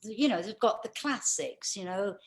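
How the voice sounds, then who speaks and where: A woman's voice: medium pitch, animated, moderate pace. British woman doing dry, bawdy stand-up. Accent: British English. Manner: dry, chatty storytelling with bawdy punchlines. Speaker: stand-up comedian. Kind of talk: stand-up comedy over a video call.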